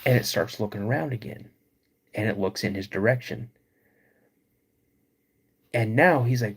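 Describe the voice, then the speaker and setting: A man hosting a live podcast, retelling a creepy encounter slowly with dramatic pauses. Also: fairly low pitch, slightly rough. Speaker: podcast host.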